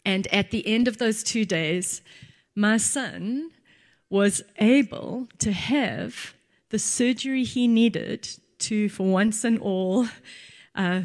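A woman, giving an earnest church testimony as a mother, slow and emphatic. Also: medium pitch. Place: church hall. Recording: long hall reverb.

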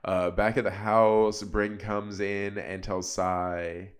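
A man in his thirties casually recapping a reality TV episode, chatty and full of "like" and "um", with animated asides. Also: lowish voice, slow. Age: 30s. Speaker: podcast host recapping a reality show.

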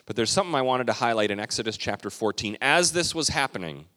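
A male pastor preaching a storytelling sermon at an average pitch. His voice rings out with a long reverb in a large hall. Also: expressive, fast, sharp tone. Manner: storytelling, acts out quotes.

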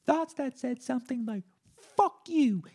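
Shrill furious nurse, as a man fakes her in falsetto, screeching, very high. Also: expressive, measured pace, gravelly, full character voice. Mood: screaming. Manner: mocking falsetto shouting. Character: shrill screaming woman nurse, combative.

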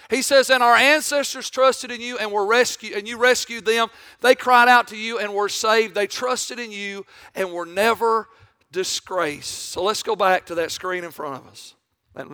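A man preaching a sermon as pastor, swinging between slow, drawn-out phrases and loud emphatic bursts. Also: sits high, dry recording, studio quality.

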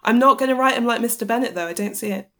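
A woman's voice: fairly high pitch, racing, bright, forceful tone. A woman in her late twenties co-hosts a podcast in a loose, casual chat. She rambles eagerly, often restarting her sentences as her ideas tumble out. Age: late 20s. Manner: enthusiastic, rambling, many restarts. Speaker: podcast co-host.

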